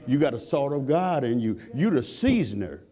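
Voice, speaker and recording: A man's voice: mid-range voice, very animated, moderate pace, warm tone. A man preaching a sermon in call-and-response style, asking the congregation questions and climbing to fervent peaks.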